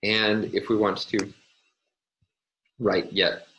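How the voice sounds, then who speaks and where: Guy with a really low voice doing a recorded lecture, lots of ums, slow and explanatory. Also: flat delivery, sharp tone, slight background noise, poor audio. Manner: measured, explanatory, many ums and uhs.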